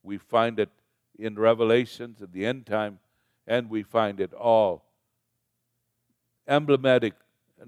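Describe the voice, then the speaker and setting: A man's voice: medium pitch, darkish tone, clear, resonant tone, no room sound, clean studio sound. An older man giving a sermon as a preacher, talking in a conversational way and putting questions to the congregation.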